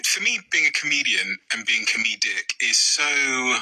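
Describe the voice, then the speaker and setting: Male podcast host, husky but bright voice, measured questions. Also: mid-range voice, lively intonation, low-quality recording. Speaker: podcast interviewer. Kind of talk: interview questions.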